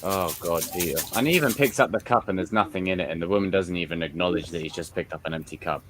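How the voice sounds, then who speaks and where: A man with a very deep voice talks through a movie with friends on a call. He hosts in a loose, conversational way and often trips over his first words before finding the point. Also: noisy background. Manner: halting, repeats words when starting. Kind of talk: casual movie commentary.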